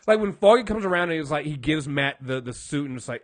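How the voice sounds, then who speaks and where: A man's voice: a little high, fast. A man co-hosting a casual podcast chat about a TV show, ranting and acting out quotes from the characters. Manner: animated, rants with acted-out quotes of characters. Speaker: podcast co-host.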